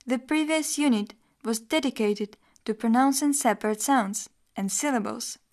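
A woman teacher reading a scripted lesson in an even, measured explanatory tone. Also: on the high side. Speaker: language teacher.

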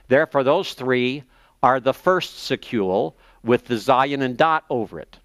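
A man in a seminary lecture, explaining texts step by step, slowing down to spell out terms and page numbers, thinking aloud as he checks his notes. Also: medium pitch, a bit bright, dry recording. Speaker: seminary professor. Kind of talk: classroom lecture.

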